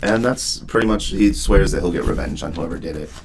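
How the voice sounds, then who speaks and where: A man co-hosting a casual book discussion, retelling scenes in a relaxed, rambling way with lots of filler words. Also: low-pitched, a little fast, background noise. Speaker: podcast co-host.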